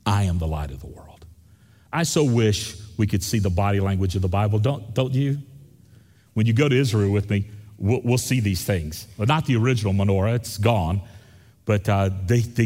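A man preaching a Christmas sermon, telling stories slowly with repeated phrases. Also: lowish voice, a little mellow, big-room sound. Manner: slow storytelling with repeated phrases. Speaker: pastor.

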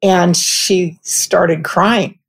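A woman telling a personal anecdote in a reflective, halting way, often restarting her sentences. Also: fairly low pitch, steady tone, slightly rough. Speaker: storyteller. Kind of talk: personal anecdote told conversationally.

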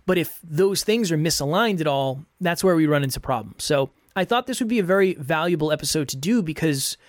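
A man with a slightly raised voice talks straight into a close microphone with no room sound at all. He coaches his listeners earnestly, circling back over the same points in a steady motivational monologue. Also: a little high, fairly quick, dry recording. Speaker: podcast host and coach. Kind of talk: solo podcast advice monologue.

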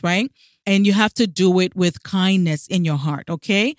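A woman's voice: fairly low pitch, moderate pace, no echo, studio quality. A woman coaching her listeners with emphatic advice, asking rhetorical questions and speaking with a smile in her voice. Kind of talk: direct-to-camera advice talk.

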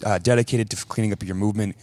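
A man's voice: fairly low pitch, fairly even intonation, racing, a little mellow. A man coaching athletes in casual chat, blunt and ready to swear. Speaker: fitness coach.

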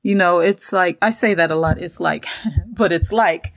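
A woman with a low, gravelly voice reads Bible verses and then retells them in her own casual words. The recording is close and dry. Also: moderate pace, dry recording. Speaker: co-host of a Bible study talk. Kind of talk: scripture reading and casual discussion.

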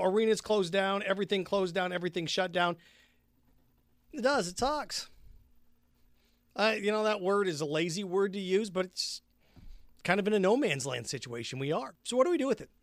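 This podcast host's voice is high-pitched and expressive, a little fast, with frequent pauses, captured in a dry recording. He mixes a drink while chatting jokingly and rambling, humming and singing along.

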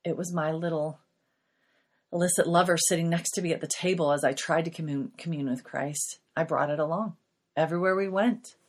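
Breathy middle-aged woman, podcast host, earnest confessional faith testimony. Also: low-pitched, steady tone, brisk.

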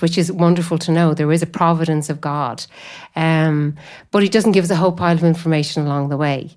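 A woman guest talking about faith in a relaxed conversation, rambling and leaning on "you know" as she thinks aloud. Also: low voice. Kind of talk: conversational spiritual talk.

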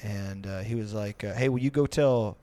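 A man's voice: lowish voice, moderate pace, mellow. A man on a podcast telling stories in a loose, rambling way, full of swearing and fillers, and slipping into mocking voices for the people in them. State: tipsy. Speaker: podcast host. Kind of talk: casual storytelling.

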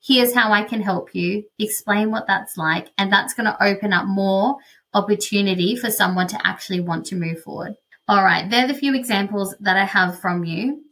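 A woman's voice: mid-range voice, moderate pace, a bit bright. A woman hosting a solo business podcast, explaining sales technique in a conversational way with frequent fillers. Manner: conversational, explanatory, many "you know" fillers. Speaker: podcast host, business consultant.

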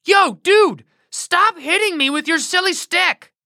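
A woman's voice: extremely high pitch, a little slow, bright, forceful tone, no room sound, clean studio sound, voice pushed up, heavily acted. A woman voicing a cheeky, laid-back male donkey that talks in casual slang.

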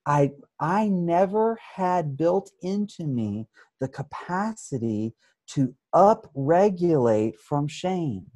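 A man who works as an addiction therapist, explaining his approach in an interview with thoughtful pauses and frequent restarts. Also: on the high side, warm tone, no room sound. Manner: thoughtful, many restarts, acts out examples.

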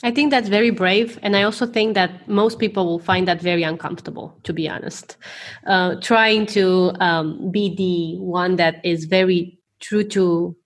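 Thoughtful woman host with a lower voice. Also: steady tone, moderate pace. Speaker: podcast host. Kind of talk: interview questions.

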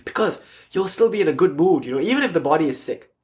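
A man speaks in a fairly high voice, teaching a spiritual lecture. He tells stories with energy and at times sinks to a hushed, soft delivery. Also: fast. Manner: animated, storytelling, drops to soft near-whispers.

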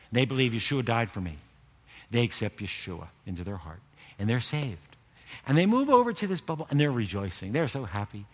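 An older male pastor delivers a sermon in an animated, swooping voice that sits a little high for a man. He breaks into loud bursts and acts out the people in his stories. The sound carries the long reverb of a large hall. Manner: animated preaching, acting out quotes with sudden shouted bursts.

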